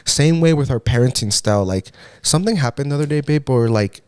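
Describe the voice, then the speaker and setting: A man chatting on a podcast at an ordinary pitch, recorded dry and close to the mic. He rambles and swears lightly, and every thought is padded with fillers. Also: lively intonation, fast talker, darkish tone, smooth, no room sound. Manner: rambling, peppered with "like" and mild swearing. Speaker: podcast co-host. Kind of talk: casual chat.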